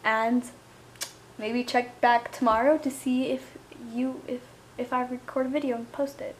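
High-voiced young woman vlogging casually. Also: steady tone, a little slow, slight background noise. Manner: chatty, giggly, with many fillers. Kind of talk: casual home vlog.

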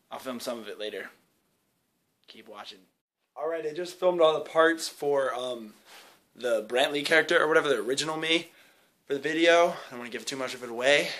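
A young man casually rambling in a behind-the-scenes vlog, excited and full of fillers, on an indoor home video set. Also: medium pitch. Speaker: YouTube creator.

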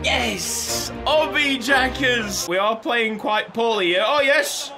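A young man commentating his football video game, cheering and shouting at each goal. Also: extremely high pitch, lively intonation, slow pace, hardly any pauses, music in the background. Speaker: gaming YouTuber.

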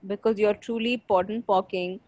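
A woman's voice: mid-range voice, fairly even intonation, moderate pace, darkish tone, poor audio. A young woman coaching a participant, playful and full of questions. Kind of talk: coaching conversation.

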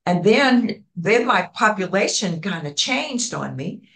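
An older woman, a community program founder, being interviewed and telling stories in an animated way, acting out the voices of people she quotes. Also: mid-range voice, unhurried. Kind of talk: storytelling interview.

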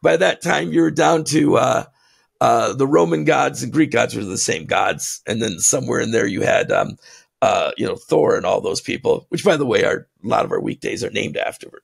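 A man co-hosting a podcast who rants in a heated, blunt way, laughing between his jabs, with a gravelly voice. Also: medium pitch, lively intonation, moderate pace. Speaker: podcast co-host. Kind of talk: impassioned ranting podcast talk.

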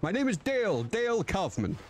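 A man's voice: high-pitched, big pitch swings, a little fast, slightly rough. A man streaming a western roleplay, talking in a folksy drawl, swearing and joking as his character. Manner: drawling folksy cowboy talk, swearing, laughing at himself.

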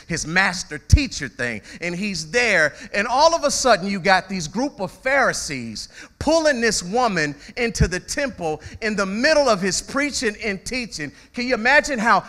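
A man preaching a lively, storytelling sermon. His voice is bright and fairly high, and it swings widely in pitch. He talks straight to the congregation and doubles up his words as he builds each point. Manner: animated, conversational preaching with call-outs to the congregation; repeats words when starting phrases. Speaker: pastor.

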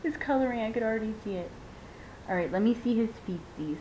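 A young woman vlogger unboxes a reborn doll, chatting casually with her viewers and often gushing, squealing and laughing. She talks fast, with lively intonation and a dark tone. The home video is dull and lo-fi, with a faint rumble.

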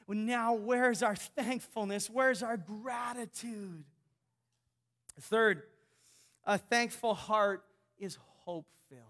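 A male pastor preaching a sermon, telling a story and swinging from hushed, slow lines to excited shouting. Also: very high voice. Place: church.

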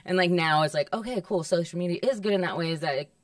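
A woman hosting a podcast, chatting fast and casually with quick interjections. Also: on the low side, no room sound, clean studio sound, distant mic. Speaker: podcast host. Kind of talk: casual chat.

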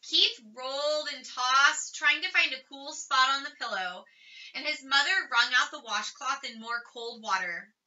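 A woman reading a children's chapter book aloud in a steady, expressive storytelling voice. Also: high voice, measured pace, distant mic, highs cut off. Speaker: reader.

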